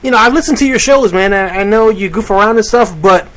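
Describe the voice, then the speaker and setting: A man's voice: high-pitched, fast, fairly bright tone, poor audio. A man hosting a casual radio show, laid-back and slangy as he talks to his listeners.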